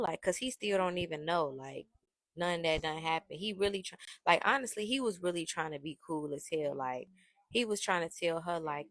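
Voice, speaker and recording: A woman tells a storytime in a brash, profane, animated way. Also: on the low side, normal speed, no room sound. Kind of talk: casual storytime.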